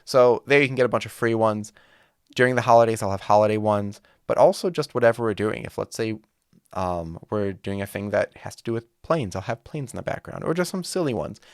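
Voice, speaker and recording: A man's voice: lowish voice, lively intonation, fairly quick, no room sound, clean studio sound. A man casually explaining how to set up a virtual classroom, demonstrating as he talks. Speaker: music teacher. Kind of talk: online teaching tutorial. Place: home studio with green wall. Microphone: studio microphone.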